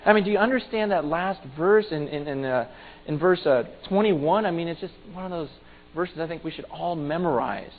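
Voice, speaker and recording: A high-voiced man preaches with an earnest, pleading urgency, stumbling over and repeating words as he presses his point. The sound is thin and phone-like, and his voice rings with a long reverb from a large hall. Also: moderate pace. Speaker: pastor. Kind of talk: sermon.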